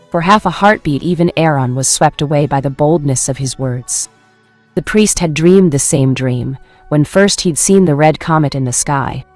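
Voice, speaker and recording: A woman narrating a fan fiction story in a steady, dramatic manner. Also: low voice, normal speed, dry recording, soft background music.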